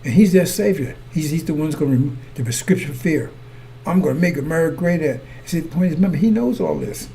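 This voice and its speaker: Male preacher, fairly high gravelly voice, repetitive sermon delivery to the congregation. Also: lively intonation, quick pace, hardly any pauses, dark tone, slight background noise. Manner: repetitive, asks listeners to follow along; addresses congregation as brothers and sisters.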